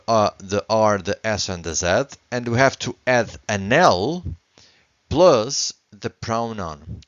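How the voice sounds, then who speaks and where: A man's voice: on the low side, no echo, highs cut off. A man teaching a language lesson, explaining grammar rules step by step in a patient way that repeats points and checks in often with the learners.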